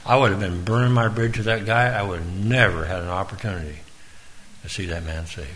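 A man's voice: low voice, fairly quick, fairly bright tone, a little hiss or hum, low-quality recording. A man giving an informal, earnest sermon in a folksy way, now and then calling on listeners by name. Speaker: preacher.

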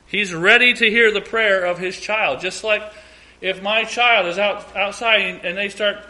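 Male Bible study teacher, middle-aged, high and very bright voice, earnest and repetitive delivery. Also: steady tone, a little slow. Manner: earnest, repeats key phrases, acts out prayers.

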